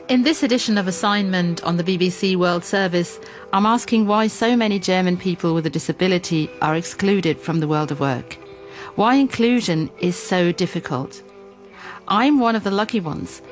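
Woman reporter narrating a radio doc, lowish voice, calm and clear, soft music behind. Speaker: reporter and presenter. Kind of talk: scripted radio documentary narration.

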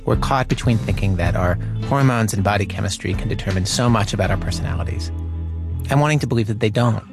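A man hosting a radio show, narrating a scripted introduction in a wry, measured way. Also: fairly low pitch. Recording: music bed underneath.

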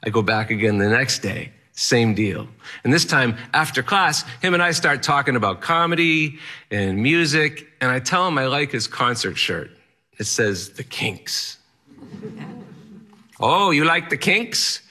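A man's voice: mid-range voice, expressive, moderate pace, bright, forceful tone. A man telling a personal story to an audience in a vivid, dramatic way.

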